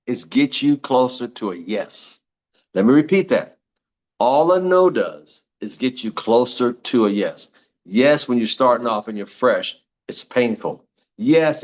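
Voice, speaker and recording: A man's voice: medium pitch, muffled recording. An older man giving a motivational talk on network marketing, repeating slogans in an emphatic, preachy way.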